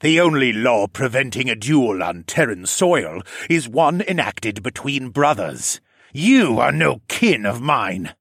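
An outraged young clan heir who shouts his lines slowly and forcefully, as a man reading a story plays him. The voice is husky and full of gravel. It is recorded dry and close. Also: medium pitch, big pitch swings, no room sound, heavily acted. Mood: furious. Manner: bellowing, slow and forceful.

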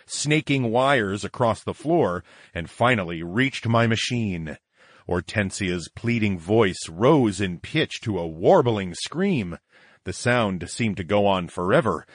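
A man's voice: on the low side, dry recording, studio quality. A man narrating a first-person story in a dramatic, theatrical manner.

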